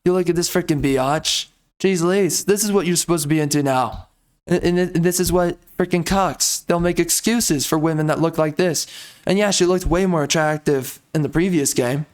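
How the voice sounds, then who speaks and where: A man's voice: fairly high pitch, moderate pace. A young man hosting a ranting commentary video, rambling and stammering with frequent restarts, exasperated and mocking. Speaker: video host.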